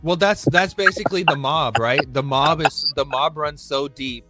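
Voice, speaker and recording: A man's voice: on the high side, normal speed, music in the background. A man co-hosting a casual chat, heated and rambling, swearing often as he presses his points. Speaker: podcast co-host.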